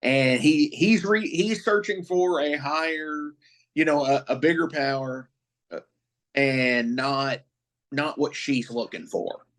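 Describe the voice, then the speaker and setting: A man's voice: a little high, slow pace, fairly bright tone. A man with a slightly raised voice talks loosely on a podcast, dropping curses as he walks through what happened in an episode. His delivery is casual and full of "you know" and restarts. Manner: loose and profane, recapping plot with many fillers. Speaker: podcast co-host. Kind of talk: casual chat.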